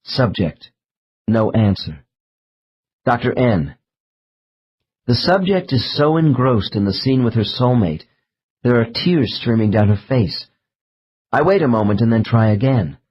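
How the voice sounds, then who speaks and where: A man narrating an audiobook in a measured, slow reading of case transcripts. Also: medium pitch, expressive, slightly rough, dull audio. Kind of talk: scripted narration.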